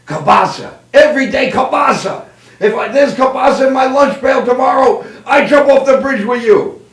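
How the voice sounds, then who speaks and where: A man's voice: extremely high pitch, normal speed, distant mic, voice pushed up. A man playing a blunt, grumbling Polish worker. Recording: roomy, away from mic.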